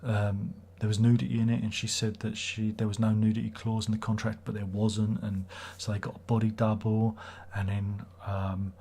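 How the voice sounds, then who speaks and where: Husky, mellow man rambling. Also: on the low side, little pitch movement, moderate pace, few pauses. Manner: rambling, sweary, reads viewer comments aloud. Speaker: livestream host. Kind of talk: casual livestream chat.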